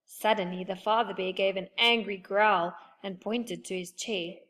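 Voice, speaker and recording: A woman reading a children's chapter book aloud, gentle and expressive. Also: mid-range voice, normal speed, hardly any pauses. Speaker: narrator. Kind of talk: children's storybook read-aloud.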